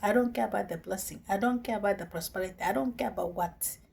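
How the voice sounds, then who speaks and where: A woman's voice: medium pitch, quick pace, gravelly, darkish tone, slightly rough. A woman preacher voicing Moses as a frightened grown man, protesting in a raised voice while retelling the story in a sermon. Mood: firm devotion.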